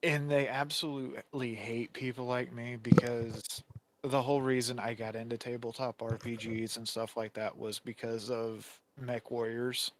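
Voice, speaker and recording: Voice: medium pitch, flat delivery, normal speed, slight background noise. A podcast guest in casual chat, rambling through stories and laughing easily.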